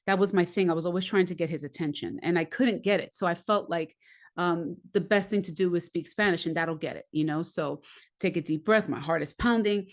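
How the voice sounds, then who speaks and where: A middle-aged woman who grew up in the United States, telling personal stories in a candid, animated way and acting out the voices of people she quotes. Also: fairly low pitch, a little fast. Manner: animated, acts out voices and laughs often. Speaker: podcast guest, singer.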